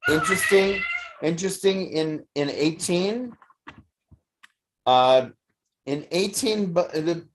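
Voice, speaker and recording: A teacher leads a study class at an unhurried, deliberate pace, with a voice of middling pitch. The delivery is halting and reflective, full of fillers and restarts as the thoughts take shape. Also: noisy background. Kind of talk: slow, thoughtful lecture. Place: study session streamed on video call.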